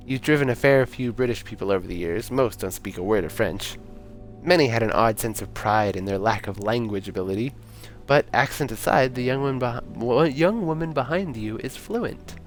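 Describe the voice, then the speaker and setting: A man's voice: lowish voice, animated, a little fast. A man streaming a story game, reading its narration aloud with casual, wry asides. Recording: faint game music.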